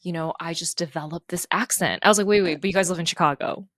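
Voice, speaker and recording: A woman's voice: fairly low pitch, fast talker, no room sound, studio quality. A woman co-hosting a podcast in casual chat, telling stories with acted-out quotes. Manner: animated storyteller, acts out quotes, swears. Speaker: podcast co-host.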